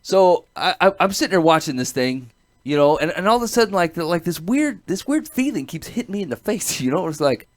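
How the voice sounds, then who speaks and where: A man's voice: fairly high pitch, animated, fairly quick. A middle-aged man, a podcast host, telling a personal story in casual chat, earnest and rambling, laughing often between phrases.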